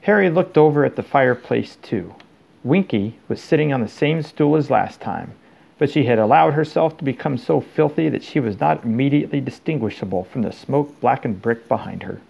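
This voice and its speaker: Gravelly-voiced man reading a storybook. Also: mid-range voice, a little mellow. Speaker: parent reading to his children. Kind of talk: reading a novel aloud.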